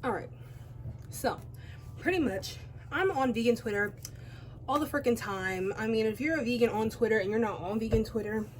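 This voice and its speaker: A talkative teenage girl tells a story in a loose, rambling way, breaking off into asides and apologies as she goes. Her voice sits a little high, with a faint hiss of room noise behind her. It sounds like a casual home makeup vlog. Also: normal speed, pauses often. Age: teens. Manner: rambling, chatty, self-interrupting. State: out of breath. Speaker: beauty vlogger. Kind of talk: casual storytime chat while doing makeup. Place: home, by a window.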